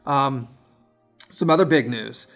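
A man co-hosting a casual film review chat, relaxed and rambling with lots of fillers. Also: mid-range voice, takes it slowly, faint music behind. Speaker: podcast co-host.

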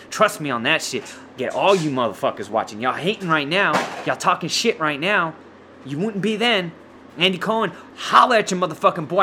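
A breathless man hosts his own podcast, stammering through a loud, profane, slang-heavy rant. His voice sits somewhat high and sounds bright and forceful, with faint room ambience behind it. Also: a little hiss or hum. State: out of breath, sore throat. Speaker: podcast host.

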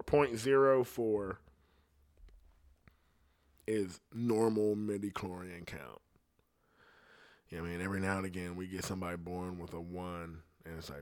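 Male talker, lowish voice, easygoing and foul-mouthed, wandering casual monologue. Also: little pitch movement, moderate pace, long pauses. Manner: profane, meandering, laid-back storytelling. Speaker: singer talking on a podcast.

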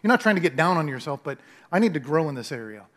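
A man's voice: on the high side, sing-song, fast. A male pastor preaching a sermon in a conversational, storytelling way, acting out bits of dialogue.

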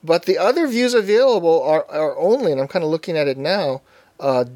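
A man with a slightly high voice chats casually about apps and software, drifting through asides as he goes. His delivery is easygoing and rambling. The sound is dry and close, with no room echo. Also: animated, brisk. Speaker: podcast co-host. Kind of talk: casual tech chat.

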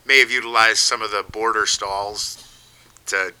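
A man's voice: lowish voice, fairly even intonation, measured pace, sharp tone, clear, resonant tone, poor audio. A young man in casual chat, telling his side of a story with dry, self-mocking humor. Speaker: podcast co-host.

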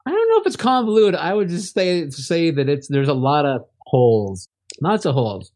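A man's voice: on the high side, very animated, normal speed, darkish tone. A man co-hosting a casual movie-review podcast, rambling with many restarts and frequent laughs. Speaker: podcast co-host.

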